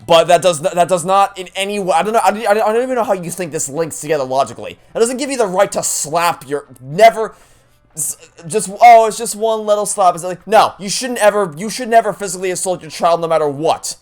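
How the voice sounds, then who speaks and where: A man's voice: high voice, animated, quick pace, soft background music. Indignant young man ranting over a game. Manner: exasperated, indignant, rambling restarts. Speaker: let's play gamer. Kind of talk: ranting gameplay commentary.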